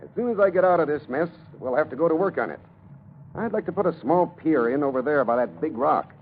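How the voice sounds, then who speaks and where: An actor playing a cocky, boastful gangster turned informant in a 1930s radio drama. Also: male voice, fairly high pitch, expressive, fast talker, natural voice. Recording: narrow lo-fi old radio recording with faint hiss.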